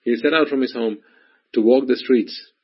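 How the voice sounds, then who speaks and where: A man preaches a sermon in a husky voice, hammering his points home through repetition and direct questions to the listeners. The recording is dull and lo-fi. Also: medium pitch, steady tone, moderate pace.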